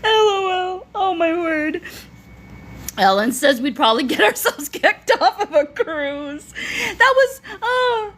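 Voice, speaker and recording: A woman's voice: high-pitched, very animated, unhurried. A woman hosting a casual live stream from her phone, laughing to tears while reading viewer comments aloud. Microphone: phone front camera.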